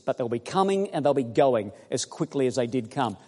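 Man, preacher, sermon, emphatic, lively pitch swings, long echo. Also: brisk, few pauses. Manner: emphatic, building to loud exclamations. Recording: long hall reverb.

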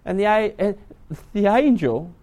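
A man preaching a sermon, retelling a story dramatically, swinging from hushed to loud. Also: high-pitched, lively intonation, unhurried.

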